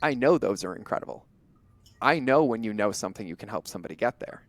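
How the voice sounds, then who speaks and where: A middle-aged man, a podcast guest, telling stories in a blunt, animated way and acting out bits of dialogue as he goes. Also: lowish voice. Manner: animated, acts out imagined dialogue in quick bursts; blunt, drops the odd curse. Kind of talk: conversational interview storytelling.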